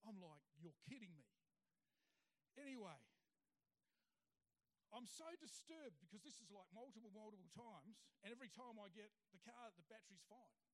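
A man's voice: sits high, moderate pace. A middle-aged man sharing a personal testimony with an audience, acting out the people he quotes as he tells the story. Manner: animated storyteller who acts out the people he quotes.

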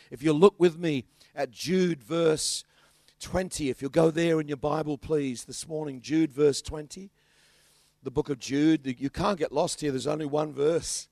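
High-voiced Australian preacher. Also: male voice, measured pace, vocal fry, no echo. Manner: animated storytelling, bantering. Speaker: pastor. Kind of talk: sermon.

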